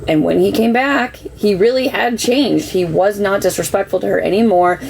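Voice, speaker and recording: A woman's voice: medium pitch, normal speed, vocal fry, a little mellow, slight background noise, poor audio. A middle-aged woman telling a personal story on a livestream, earnest and defensive, getting worked up as she talks. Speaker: livestream host. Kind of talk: emotional personal account.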